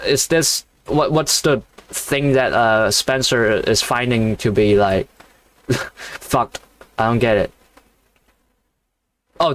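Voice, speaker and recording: A man reading a novel aloud haltingly and breaking off into blunt, casual, swearing commentary. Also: medium pitch. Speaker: reader reacting to a novel.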